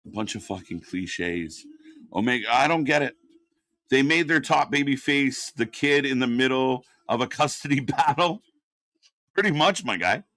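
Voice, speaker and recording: A man's voice: medium pitch, expressive, moderate pace, a bit bright, no echo. A man doing unscripted live watch-party commentary, ranting and swearing in exasperation.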